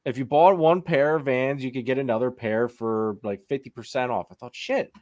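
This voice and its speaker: A man's voice: mid-range voice, a little fast, a little mellow, no room sound. A man in his thirties hosting a podcast, chatting casually, reading live comments and telling rambling stories with frequent laughs. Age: 30s. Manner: rambling storyteller, laughs often. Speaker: podcast host.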